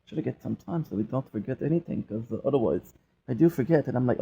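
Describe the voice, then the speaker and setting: A man's voice: medium pitch, expressive, fast talker, gravelly, breathy edge, narrow, tinny audio. A young man vlogging in a loose, joking monologue, rambling and cutting himself off, now and then singing bits of songs. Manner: joking, self-interrupting, breaks into singing song lyrics. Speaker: gaming and movie vlogger. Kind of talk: rambling casual monologue with sung snippets.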